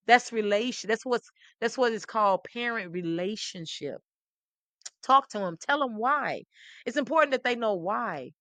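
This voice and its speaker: A middle-aged woman host, talking with animated, preachy emphasis and repeating phrases. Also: medium pitch, moderate pace, dry recording. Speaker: talk show host. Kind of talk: impassioned commentary to camera.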